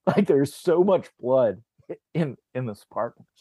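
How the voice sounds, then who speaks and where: Male podcast host, mid-pitch, rambling plot recap with quoted lines, dry close mic. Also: lively intonation, measured pace, warm tone, slightly rough, no room sound. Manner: rambling recap, acts out character lines, frequent restarts. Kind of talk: casual movie discussion.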